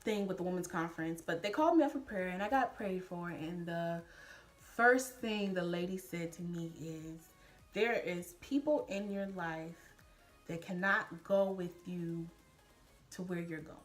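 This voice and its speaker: A young woman in her twenties tells a personal story to camera in a casual, lively way. She talks straight to her viewers as if chatting with friends. Faint music plays underneath. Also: on the low side, measured pace. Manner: animated, addresses viewers as y'all, laughs while telling. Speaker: vlogger.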